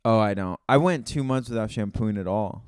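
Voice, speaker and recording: A young man co-hosting a comedy podcast, tossing deadpan quips that often trail off quietly. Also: lowish voice, brisk, smooth, no echo, studio quality. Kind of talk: casual comedic banter.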